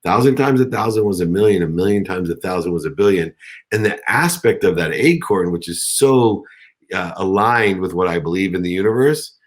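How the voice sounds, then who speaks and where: A man's voice: low-pitched, expressive, brisk. A middle-aged man mentoring on a coaching call, talking earnestly and rambling with many restarts. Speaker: guest mentor.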